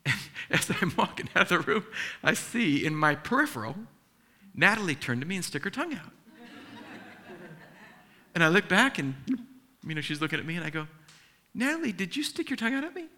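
Man, pastor, middle-aged, sermon, animated storyteller, earnest, bright tone, fairly high pitch. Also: a little fast, long pauses. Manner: animated storytelling, acting out dialogue; earnest and emotional.

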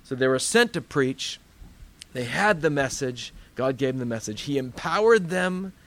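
A man's voice: mid-range voice, fairly bright tone. Man preaching a storytelling sermon. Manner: conversational storytelling, acts out voices.

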